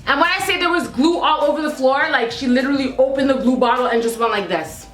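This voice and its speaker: A young woman, telling a dramatic storytime, sassy and animated. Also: high-pitched, fast. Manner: sassy, dramatic, acts out quotes. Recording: roomy echo with faint music.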